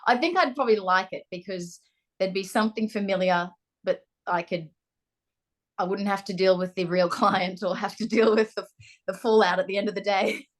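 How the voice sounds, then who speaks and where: A young woman with an Australian accent, chatting as an interview guest and often pausing with ums and restarts. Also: medium pitch, steady tone. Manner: hesitant, restarts, frequent ums. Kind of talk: casual interview chat.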